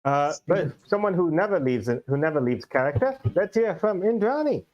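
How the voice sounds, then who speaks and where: A man's voice: fairly high pitch, sing-song, normal speed, dull audio. A man hosting a tabletop game stream as game master, playful and teasing with his players.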